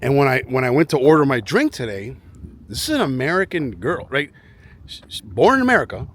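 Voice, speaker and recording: A man's voice: medium pitch, big pitch swings, a little fast, a bit bright. A man chatting to camera outdoors in a residential neighborhood, rambling and often repeating himself as he restarts sentences. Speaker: vlogger. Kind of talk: casual chat to camera.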